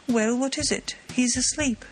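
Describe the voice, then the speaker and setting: A woman's voice: high-pitched, measured pace, faint music behind. A woman reading the part of a frightened noble mother, anxious and stammering, in her own voice.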